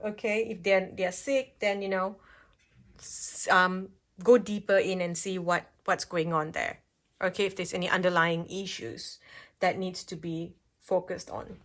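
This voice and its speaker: A woman's voice: on the low side, steady tone, a little slow, fairly bright tone. A woman giving a pick-a-card tarot reading at home, chatty and reassuring, often checking in with "okay?". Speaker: tarot reader. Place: home, at a table with cards.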